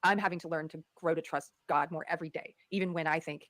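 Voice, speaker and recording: A woman's voice: low voice, fairly even intonation, a bit bright, dry recording. A woman speaking earnestly in conversational podcast talk, restarting her phrases often, on a close mic. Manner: fast, earnest, many restarts.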